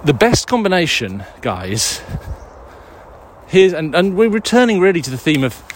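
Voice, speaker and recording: A man's voice: fairly high pitch, big pitch swings, moderate pace. A man talks loosely to his listeners while walking outdoors, audibly out of breath. He rambles, swears freely and laughs at himself as he answers questions. Faint outdoor noise sits behind his voice. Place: woods outdoors, walking a dog.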